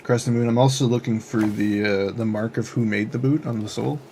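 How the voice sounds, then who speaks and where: A man's voice: medium pitch, steady tone, fairly quick, vocal fry, a little mellow, a little hiss or hum. A man playing at a tabletop game, chatting casually, joking and swearing freely. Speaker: player.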